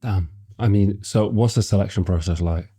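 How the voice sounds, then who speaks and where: Low, very dark voiced guy asking short questions, easygoing. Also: moderate pace, breathy edge. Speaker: interviewer. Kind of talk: casual interview questions.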